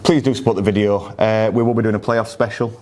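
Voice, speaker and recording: A man's voice: fairly low pitch, little pitch movement, fast talker, over loud music. A man co-hosting a casual football chat, chatty and self-mocking. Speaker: podcast co-host.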